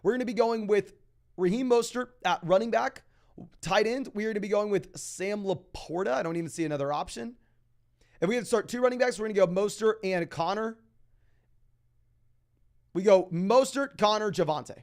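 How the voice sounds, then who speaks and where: Here a young man hosts a live fantasy football stream. In a high voice, he reads questions from viewers aloud and tackles them with quick, spirited sports commentary.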